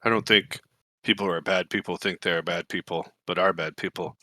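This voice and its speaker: Brief: man as a muddled musing adventurer, low, bright tone. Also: steady tone, a little fast, no room sound, studio quality.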